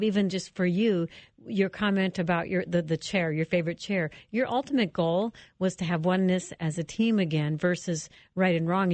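A woman hosting a radio talk interview, affirming her guest and moving briskly on to the next point. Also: on the low side, a little mellow, dry recording. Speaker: radio show host.

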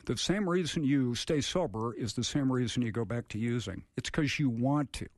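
A man's voice: mid-range voice, normal speed, no echo. A man co-hosting a recovery radio show in a studio, blunt and plainspoken with wry humor. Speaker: radio co-host.

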